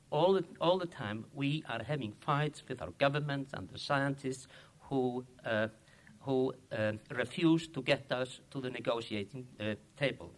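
Icelandic-accented man, halting acceptance speech. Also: mid-range voice. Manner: halting, many fillers. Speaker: award recipient.

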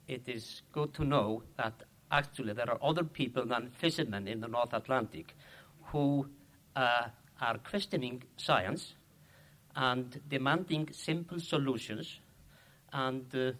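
A man with an Icelandic accent giving a halting acceptance speech, with many pauses and fillers. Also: medium pitch, fairly bright tone. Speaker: award recipient.

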